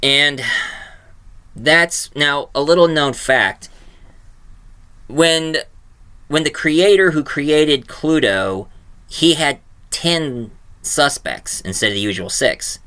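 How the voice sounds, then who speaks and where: A man's voice: fairly high pitch, slow pace, long pauses, pushed and bright, clean tone. A man talking casually about the audio drama series he makes, rambling and often saying "of course" as he restarts sentences.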